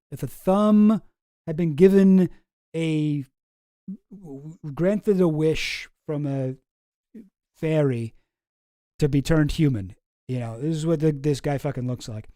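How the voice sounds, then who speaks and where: With a mellow mid-range voice on a dry, clean studio recording, a streamer rambles through casual commentary, cursing, occasionally sarcastic, and regularly interrupting himself mid-sentence.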